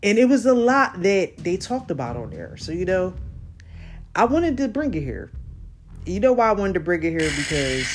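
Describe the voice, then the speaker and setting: A woman's voice: fairly low pitch, heavy background noise. A woman hosting a podcast in casual chat, recapping an interview in slangy talk and often checking in with her listeners. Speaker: podcast host.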